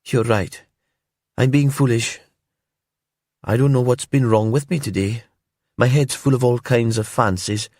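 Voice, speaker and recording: A man voicing a brooding older woman from a remote island in a calm storybook crime tale, speaking softly and hesitantly in a lifted voice. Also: mid-range voice, measured pace, long pauses, no echo, studio quality, voice pushed up, close to an everyday voice. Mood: wistful.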